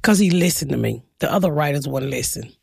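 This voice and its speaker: A woman's voice: deep voice, fast, gravelly, husky, no echo, clean studio sound. A woman stand-up comedian speaking, telling blunt stories in an interview and acting out what she said. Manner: blunt, storytelling, quotes herself in animated bursts. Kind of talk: casual interview talk.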